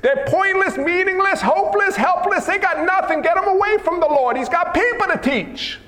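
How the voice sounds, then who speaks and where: A man voicing a loud, streetwise male disciple with slangy, brash shouting, in an echoey hall. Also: very high-pitched, animated, normal speed, pitched above the performer's own voice, exaggerated voice. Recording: echoey hall with long reverb.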